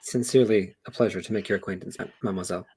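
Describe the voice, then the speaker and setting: A man's voice: sits low, steady tone, rapid-fire, a little mellow, slightly rough. A man playing a courtly old-world male vampire who speaks formally and politely, with a dry, ominous edge.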